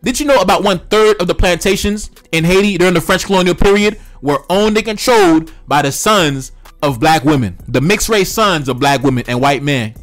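A man's voice: high-pitched, lively intonation, brisk, a bit bright, soft background music. A man giving heated opinion commentary, lecturing in a repetitive, profane rant. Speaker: online commentator.

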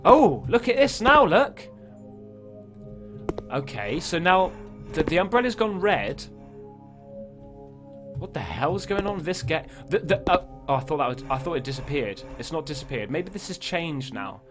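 Lively man over game music. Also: fairly high pitch, a little slow, long pauses. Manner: jumpy, swearing, talking to himself. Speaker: gaming YouTuber. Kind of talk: horror game let's play commentary. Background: spooky game music.

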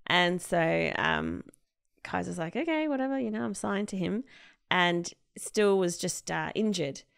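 Her voice is fairly low, gravelly and slow, recorded cleanly. This podcast co-host chats casually while retelling a story, using plenty of fillers and performing the voices of the people she quotes.

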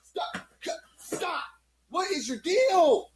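A woman shouts frantically in a very high voice that jumps around wildly. Her words come slowly and are stretched out between panicked yells, as she pleads again and again. Her tone is desperate rather than angry. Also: very animated. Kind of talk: frantic shouting in a home video.

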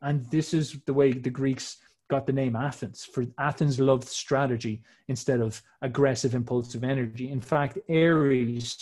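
A man's voice: medium pitch, a little mellow. A man talking casually and emphatically, explaining old myths in slangy, swearing speech.

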